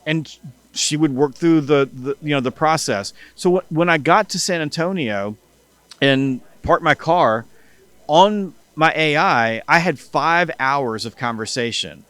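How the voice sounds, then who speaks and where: A man's voice: fairly high pitch, unhurried, smooth, no echo. A man being interviewed as a podcast guest, telling stories in a conversational way and acting out the dialogue he quotes. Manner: animated, acts out quoted dialogue.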